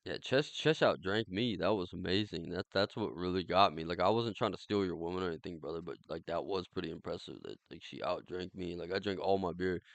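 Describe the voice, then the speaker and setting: A man's voice: low-pitched, fairly quick, creaky, hardly any pauses, no room sound. A man hosting a podcast in casual chat, crude and teasing, swearing freely as he talks. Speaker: podcast host.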